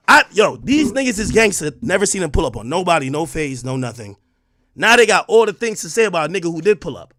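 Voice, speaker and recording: A man hosts a heated livestream, his raspy, fraying voice swinging between loud trash talk and a hushed near-whisper. His pitch sits a little high and leaps around a lot. The sound is dry and close to the mic. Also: very animated, fast, dry recording. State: losing his voice. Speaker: livestream host. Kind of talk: ranting livestream commentary.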